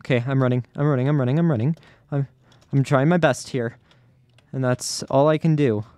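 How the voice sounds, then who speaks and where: Nervous guy talking thru his game run, keeps repeating himself, dry sound, quiet game music under it. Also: mid-range voice, a little fast, dry recording. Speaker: gaming YouTuber. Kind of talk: live gameplay commentary.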